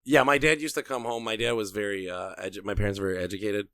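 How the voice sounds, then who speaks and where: A man in a casual comedy podcast chat, talking bluntly and teasing the others, telling animated stories. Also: lowish voice, quick pace, clean tone, dry recording, studio quality. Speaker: podcast guest.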